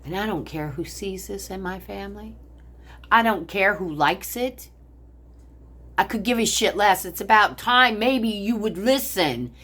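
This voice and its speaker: A medium-pitched, slightly bright voice moves a little slowly as an older US vlogger airs her grievances. Filming herself on her phone at home overlooking a pond, she rants bitterly and with profanity about her family.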